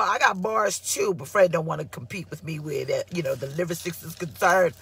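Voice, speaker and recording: Sassy, husky woman preacher going live. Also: low-pitched, a little fast, hardly any pauses. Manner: sassy and animated, chatting back to online viewers. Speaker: pastor. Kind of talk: casual live-streamed sermon talk. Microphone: phone or computer mic for live stream.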